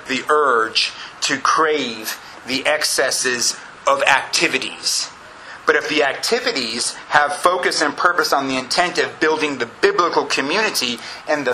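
Bright-voiced male pastor preaching. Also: on the high side, a little hiss or hum. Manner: emphatic preaching with drawn-out pauses and repeats. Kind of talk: sermon. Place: church sanctuary with congregation. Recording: echoey room.

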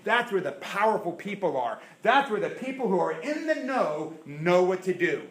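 A pastor delivers a sermon in an echoey room, his high-pitched voice moving at a moderate pace. He is animated, swinging from loud emphasis to hushed asides.

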